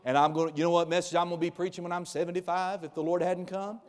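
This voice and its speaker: Fiery forties pastor, slightly high voice, shifting between loud and hushed, in a reverberant hall. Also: male voice, level tone, racing, few pauses. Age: 40s. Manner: emphatic, swings from loud bursts to quiet intimate asides. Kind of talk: sermon.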